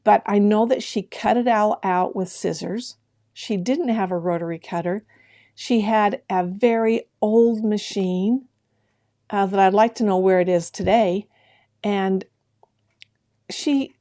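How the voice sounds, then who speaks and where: Chatty middle-aged woman, livestream host, friendly viewer greetings, mellow gravelly tone. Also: mid-range voice, takes it slowly. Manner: chatty, greets viewers by name, laughs often. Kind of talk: casual live-stream chat with viewers.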